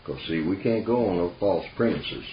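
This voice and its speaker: A man's voice: deep voice, normal speed, a little hiss or hum. A man leading an informal group discussion, emphatic and folksy, often dropping in "see" and "you know". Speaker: discussion leader. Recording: echoey room, dull lo-fi sound.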